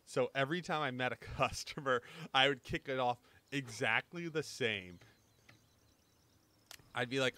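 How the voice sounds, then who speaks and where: Chatty, bright-voiced young man. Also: mid-range voice, measured pace, pauses often. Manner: chatty, jokey, rambling anecdotes. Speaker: gaming YouTuber. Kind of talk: casual gameplay commentary and storytelling.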